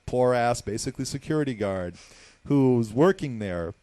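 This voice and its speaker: A man, a hospital security guard, telling stories casually on a talk show, profane and animated, leaning on the word basically. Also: medium pitch, moderate pace, clean tone, dry recording. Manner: profane, animated storyteller, many fillers like "basically".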